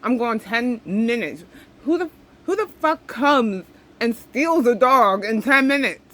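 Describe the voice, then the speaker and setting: A woman's voice: a little high, expressive, slow, bright, forceful tone, rough recording. A young woman venting to camera, upset and rambling, often repeating herself. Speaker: vlogger.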